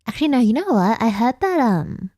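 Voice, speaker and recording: A woman's voice: a little high, sing-song, a little fast, warm tone, no room sound, studio quality. An Australian woman streamer chatting casually late at night, giggling often and rambling in a self-deprecating way.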